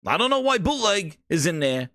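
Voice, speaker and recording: A man's voice: high voice, big pitch swings, normal speed, sharp tone, no room sound, clean studio sound. A man hosting a gaming podcast, ranting profanely and mocking, stumbling and repeating words when riled up. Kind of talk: ranting casual commentary.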